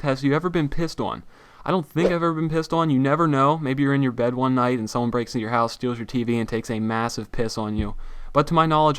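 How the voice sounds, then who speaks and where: Fast-talking young gaming vlogger. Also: male voice, medium pitch, a bit bright, clean tone, no echo. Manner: fast, breezy, joking. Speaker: gaming YouTuber. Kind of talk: casual Q&A vlog.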